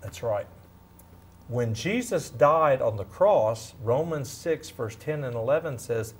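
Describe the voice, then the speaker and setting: A man in his fifties sharing a lively faith testimony as a guest, acting out quotes as he tells it. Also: medium pitch, takes it slowly, slightly rough. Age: 50s. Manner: animated, storytelling, acts out quotes. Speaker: guest speaker. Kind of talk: faith testimony in a talk show.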